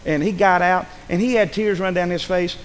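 A man preaching a sermon as pastor, telling a story with fervour, dropping to a hush and then rising to a shout. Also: sits high, steady tone, fairly quick, a little hiss or hum. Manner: fervent storytelling, swings between hushed and shouted. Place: church sanctuary. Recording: echoey hall with faint ambience.

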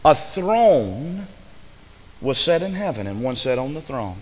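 A man's voice: medium pitch, big pitch swings, measured pace, a little mellow. A man preaching a sermon, asking his congregation rhetorical questions with rising fervor. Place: church. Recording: long hall reverb.

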